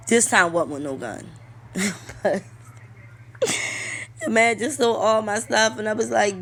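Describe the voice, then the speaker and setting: A woman's voice: medium pitch, unhurried, long pauses, fairly bright tone, slight background noise. A woman, vlogging a casual storytime while trying on lipstick, telling it animatedly with lots of fillers and swearing. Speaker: beauty and coupon vlogger.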